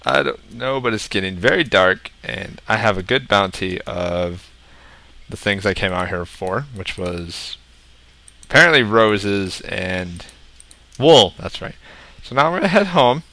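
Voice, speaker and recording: A young man casually commenting on his own gameplay, rambling and joking, with sudden loud outbursts. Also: fairly low pitch, lively intonation, a little slow, gravelly, dry recording. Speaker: gaming video host.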